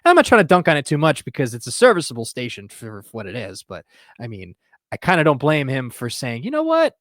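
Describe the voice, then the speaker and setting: A man hosting a sports podcast in casual chat, animated and laughing often. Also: medium pitch, fast talker, no echo, clean studio sound. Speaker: podcast host.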